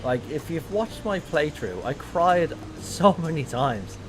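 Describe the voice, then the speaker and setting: A man's voice: fairly high pitch, big pitch swings, slow pace. A man streaming a game, talking candidly and emotionally, with casual swearing. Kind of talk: casual live-stream commentary. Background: game music.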